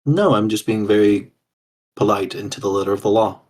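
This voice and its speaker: A man playing a tabletop game, speaking in a calm, polite, lawyerly way. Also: fairly low pitch, a little fast. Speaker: player.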